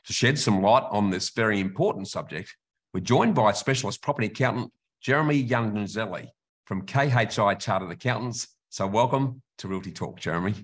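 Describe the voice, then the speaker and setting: A man's voice: lowish voice, expressive, a little fast, husky. A man with an Australian accent hosting a property podcast, chatty and matey, laughing easily with his guests. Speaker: podcast host. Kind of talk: casual chat.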